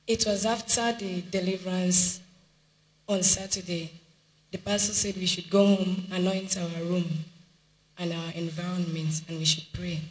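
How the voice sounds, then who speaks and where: A woman's voice: on the low side, fairly even intonation, unhurried, echoey room, rough recording. A woman with a Nigerian accent giving an earnest church testimony, telling events plainly. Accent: Nigerian English.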